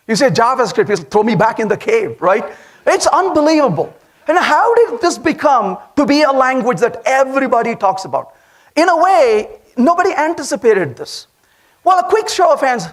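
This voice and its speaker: A man with an Indian accent speaks at a conference with a very high, lively voice that swoops up and down. He tells stories and turns to the audience with questions. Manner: animated storytelling, asks the audience questions. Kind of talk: lively tech conference talk. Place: conference hall.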